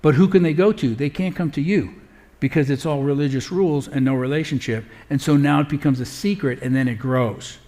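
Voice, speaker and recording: A man's voice: a little high, darkish tone. A middle-aged man giving a live parenting talk to an audience, earnest and conversational, with frequent filler sounds. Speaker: parenting speaker.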